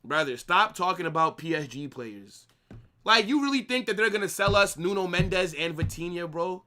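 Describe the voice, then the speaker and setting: A man's voice: high-pitched, animated, moderate pace, pushed and bright. A man streaming a live football watch-along, arguing with his chat in a brash, trash-talking way, swearing freely and calling viewers bro and brother.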